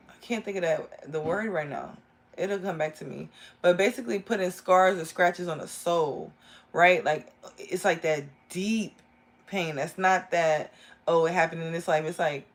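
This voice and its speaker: A woman giving a live tarot reading, rambling and enthusiastic as she talks straight to her viewers. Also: on the low side. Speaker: tarot reader.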